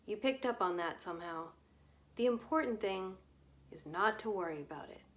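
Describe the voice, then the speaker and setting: A glib male journalist, as a woman reader puts him on, talks in a breezy, sardonic, lecturing way. He sounds like he has an easy answer for everything. The voice sits in an ordinary middle pitch. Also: expressive, normal speed, natural voice. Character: glib wisecracking male journalist, cynical debunker.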